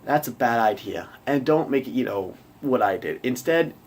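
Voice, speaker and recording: A man recounts a tabletop game session he ran as game master, in a loose, rambling way. His voice sits at an ordinary middle pitch. He acts out his players' reactions as he goes. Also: animated, normal speed, a little hiss or hum.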